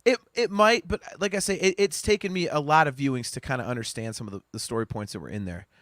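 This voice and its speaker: Bright-voiced rambling male podcast host. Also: on the high side, fast, dry recording, clean studio sound. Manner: rambling, with repeated restarts; swears freely. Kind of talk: casual chat.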